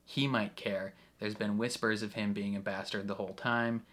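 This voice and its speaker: A man's voice: fairly low pitch, little pitch movement, moderate pace, a bit bright. A man giving casual, chatty reaction commentary on an episode, laughing often between thoughts. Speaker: reaction video creator.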